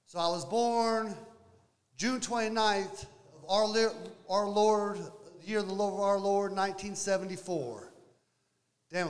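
High-voiced teasing stand-up man. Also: fairly bright tone. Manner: teasing, storytelling. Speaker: stand-up comedian. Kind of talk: stand-up set, crowd work. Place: small comedy club. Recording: club mic with long reverb.

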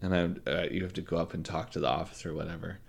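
A man co-hosting a casual true-crime podcast, throwing in jokey comments and quick interjections. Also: sits low, fairly even intonation, creaky. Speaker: podcast co-host.

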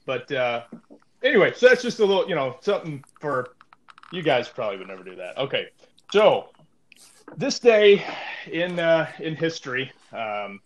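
A man's voice: on the high side, sing-song, normal speed, a little hiss or hum. A man co-hosting a podcast, telling a story in a rambling, joking way with many fillers. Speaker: podcast co-host. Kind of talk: casual podcast chat.

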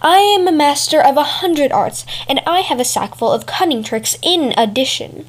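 Woman reading as a proud fox, haughty, mocking, higher than her usual voice, storybook. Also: lively intonation, moderate pace. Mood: boastful. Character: proud scornful male fox.

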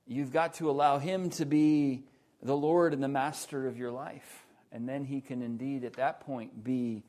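A man preaching a sermon, slow and deliberate, stressing key words loudly and dropping to hushed low lines.

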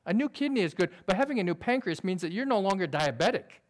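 A man preaching a sermon in an earnest, conversational way, using quick everyday illustrations. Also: high-pitched, lively intonation, a little hiss or hum. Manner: describes himself as sober by nature.

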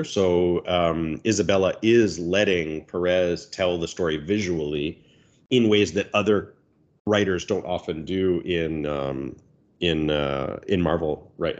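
A man who is a guest author, giving thoughtful, measured analysis in a casual chat. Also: deep voice, dull audio.

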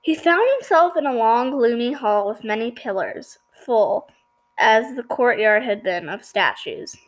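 Higher-voiced woman reading a storybook aloud. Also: animated, unhurried, rough recording. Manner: stumbles and apologizes for slips. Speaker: reader. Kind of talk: reading a children's book aloud.

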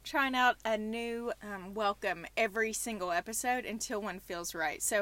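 A woman's voice: fairly high pitch, moderate pace, fairly bright tone. A woman in her forties with a Southern US accent, hosting a podcast in a casual, chatty way. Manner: chatty, laughing storyteller. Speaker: podcast host.

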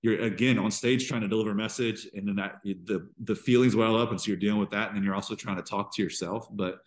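A man from Georgia, guesting on a podcast, talks candidly about his personal struggles in a very deep, low voice with a steady tone. He tells his emotional story haltingly, in bursts, frequently restarting sentences and returning to earlier points as he works through his feelings.

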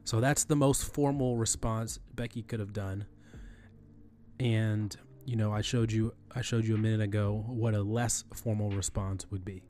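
A man's voice: on the low side, fairly even intonation, moderate pace, warm tone. A man teaching in a loose, conversational way, often restarting and repeating phrases with fillers. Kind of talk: screen-recorded tutorial on email etiquette.

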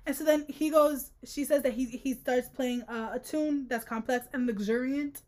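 A woman's voice: sits high, normal speed. A woman co-hosting a casual book-club podcast, reading passages aloud and riffing on them with exasperated jokes. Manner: animated, reads quotes aloud and riffs with exasperated jokes. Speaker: podcast co-host.

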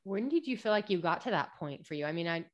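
Soft-spoken woman asking questions. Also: on the low side, expressive, fast talker. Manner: soft, reactive, gives short murmured replies. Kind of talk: casual interview.

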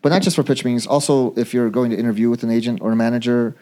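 A man on a podcast calmly explaining advice about pitch meetings, drawing on his teaching. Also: racing. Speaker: podcast co-host who teaches. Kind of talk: conversational advice.

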